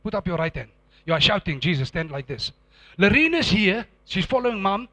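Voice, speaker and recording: A middle-aged man, preaching a sermon and telling a dramatic testimony, acting out scenes with sudden loud outbursts. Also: high voice, very animated, a little fast, no echo.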